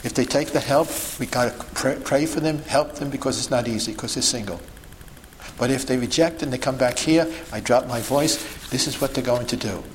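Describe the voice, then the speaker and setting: A man's voice: mid-range voice, brisk, slight background noise, rough recording. Emphatic man teaching a group. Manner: emphatic, peppered with rhetorical questions and checks like "okay?" and "see?". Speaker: sidewalk counselor teaching a group. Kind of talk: instructional talk to a group.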